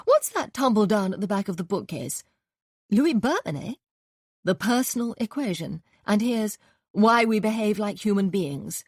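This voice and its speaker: A woman reading an audiobook, voicing a chatty upper-class gentleman detective with playful drawling asides. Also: medium pitch, expressive, moderate pace, no echo, studio quality, natural voice. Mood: musing.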